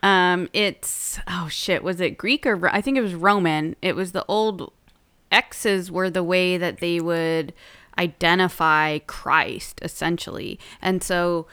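A woman's voice: on the low side, slow pace, a bit bright, smooth, no echo. Hesitant woman explaining, dry sound. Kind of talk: casual podcast chat.

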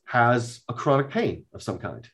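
A man's voice: mid-range voice, big pitch swings, measured pace, fairly bright tone. Hesitant man explaining step by step. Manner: explains methodically, with many hesitations and "um"s. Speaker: guest, card deck inventor. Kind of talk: casual explanation.

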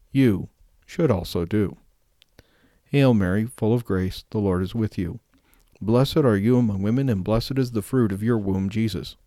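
A man leading a scriptural rosary, reading short scripture passages and reciting prayers in a steady, measured way. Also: on the low side, no echo, studio quality. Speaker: prayer leader.

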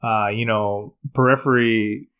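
A man's voice: on the low side, fairly even intonation, a little slow, a bit bright, smooth. A man co-hosting a casual podcast, giving his opinions hesitantly and searching for words. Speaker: podcast co-host. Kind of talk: casual chat.

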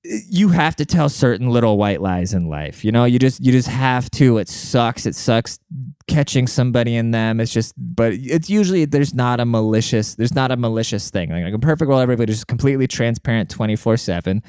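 A man's voice: mid-range voice, lively intonation, brisk, a little mellow, clean tone, no room sound, studio quality. A young man reacting to advice posts in casual, crude, rambling commentary with many fillers.

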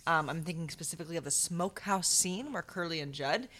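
A woman's voice: fairly low pitch, expressive, fast talker, a bit bright, slight background noise. A young woman co-hosting a podcast, chatting casually about a stage show with lots of hedging fillers. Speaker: podcast co-host. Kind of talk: casual theater review chat.

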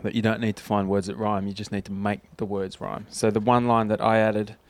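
A man in a relaxed, joking podcast chat, swearing freely. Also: lowish voice, a little fast, no room sound. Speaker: podcast co-host. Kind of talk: casual chat.

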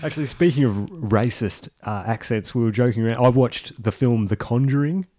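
A man's voice: medium pitch, moderate pace, dark tone. A man co-hosting a podcast, casual and rambling with frequent giggles. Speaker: podcast co-host. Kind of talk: casual chat.

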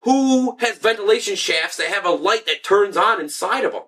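A man's voice: high-pitched, normal speed, distant mic. A young man in casual profane banter, laughing often and telling stories with lots of swearing. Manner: laughing, swearing, animated storytelling.

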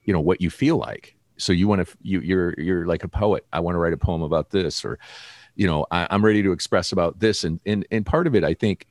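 A man hosting a podcast, talking in a casual, rambling way with many halting restarts. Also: deep voice, darkish tone, no echo, studio quality. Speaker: podcast host. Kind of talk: casual interview chat.

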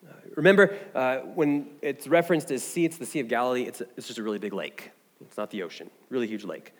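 A man's voice: mid-range voice, fast, in a large hall. A man preaching a sermon as pastor, talking in a loose, conversational way with frequent fillers and "right?" asides.

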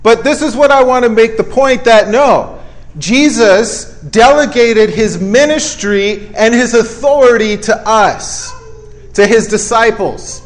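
Male preacher, raised pitch, chatty sermon delivery with punchy short lines. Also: measured pace. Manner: conversational, keeps checking in with listeners; emphatic, punchy short phrases.

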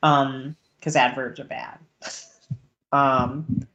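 A woman co-hosting a casual chat, critiquing a piece of writing, who often clears her throat and thinks aloud with ums. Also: rumbling low, flat delivery, very slow, a bit bright, lo-fi sound, a little hiss or hum. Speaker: podcast co-host critiquing writing.

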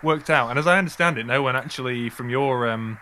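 Bright-voiced gamer. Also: male voice, mid-range voice, fairly quick, slight background noise. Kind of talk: casual gaming chat.

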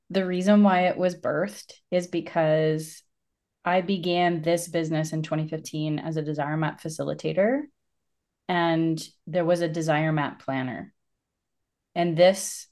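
A woman with a low voice speaks as a guest in a casual podcast interview. She is earnest and open and laughs easily as she talks about her work. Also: darkish tone. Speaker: podcast guest, business coach.

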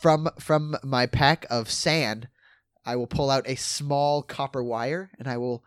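A man playing a tabletop game talks through his moves in a halting way, full of fillers. His voice sits at a middle pitch. There is a dry, close sound with no room echo. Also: fairly even intonation. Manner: halting, hesitant with many fillers. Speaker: player. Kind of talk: casual tabletop play.

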